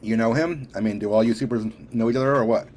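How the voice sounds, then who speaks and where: A man's voice: mid-range voice, quick pace, darkish tone, a little hiss or hum, natural voice. A man voicing a shaken male street crook in an audiobook reading, who talks nervously and stammers.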